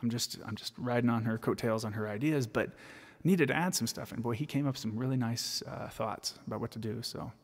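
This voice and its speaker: A man's voice: mid-range voice, fairly quick, long reverb tail. A man, a vocal jazz arranger, chatting casually and self-deprecatingly with viewers while recording his own vocal parts.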